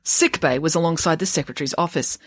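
A woman narrating a children's novel aloud with lively, expressive storytelling. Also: low-pitched, fast talker, slightly rough, no echo, studio quality. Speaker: audiobook narrator. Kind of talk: audiobook reading of a children's novel.

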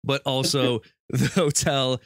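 A man's voice: medium pitch, steady tone, slow pace, no room sound, studio quality. A man hosting a casual chat, laughing often and giving short reactions. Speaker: host.

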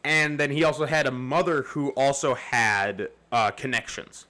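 A man's voice: medium pitch, normal speed, sharp tone. A man hosting a casual history podcast, rambling and laughing often as he explains. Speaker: podcast host.

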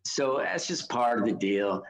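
A man's voice: medium pitch, lively intonation, unhurried, low-quality recording. A middle-aged man, a novelist and songwriter, talking casually in an interview, rambling and frank, swearing often and restarting his sentences.

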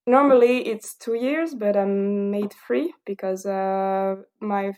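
A woman's voice: medium pitch, slow, dark tone. A woman in her thirties from the south of France with a French accent, answering interview questions hesitantly with many fillers. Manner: hesitant, many fillers, laughs between phrases. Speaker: guest.

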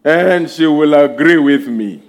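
A man delivers a sermon in a high voice, taking his time over every phrase. He builds his points in emphatic swells and speaks directly to the congregation. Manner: slow, emphatic preaching with rising and falling swells. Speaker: preacher.

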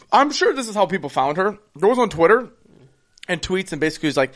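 A man co-hosting a casual chat, swearing freely and jumping into high, excited bursts when worked up. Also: fast talker. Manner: profane, animated, swings into high excited bursts. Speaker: podcast co-host.

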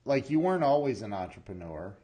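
A man hosting a podcast interview, asking questions in a halting, repetitive way with many fillers. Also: medium pitch, very animated, mellow. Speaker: podcast host. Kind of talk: casual interview chat.

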